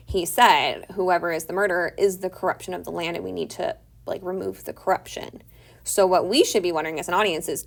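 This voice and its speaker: A woman with a lowish, gravelly voice teaches a literature lesson, summarizing a play in a relaxed, chatty manner. She says "like" a lot and paraphrases the characters as if chatting.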